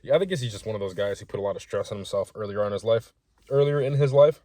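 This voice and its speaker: In this casual storytelling vlog, a young small business owner shares gym stories in a chatty, profane, rambling way, voicing the quotes himself. His mellow voice sits on the low side, moving fast with lively intonation.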